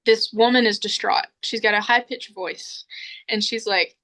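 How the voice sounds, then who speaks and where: A woman's voice: mid-range voice, normal speed. A young woman hosting a podcast, telling a story in casual chat and acting out the voices she quotes. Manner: animated storyteller, acts out quoted voices, laughs often. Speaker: podcast host.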